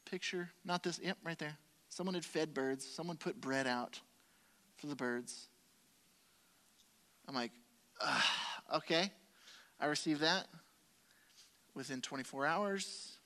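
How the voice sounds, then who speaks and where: A male pastor preaching a sermon, telling a personal story with animated quoted asides and humor. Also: on the high side.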